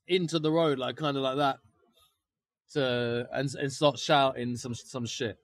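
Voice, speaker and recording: A man, co-hosting a podcast and animatedly telling a story outdoors, swearing freely and acting out shouted lines. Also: mid-range voice, a little slow, dry recording. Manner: animated, swears a lot, acts out shouted quotes. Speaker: podcast co-host. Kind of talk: casual storytelling. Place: outdoors on location.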